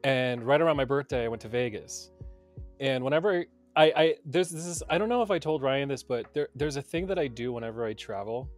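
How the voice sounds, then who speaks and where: A man's voice: medium pitch, brisk, faint music behind. Chatty male podcast co-host. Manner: laughing, candid, chatty storyteller. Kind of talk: casual podcast chat.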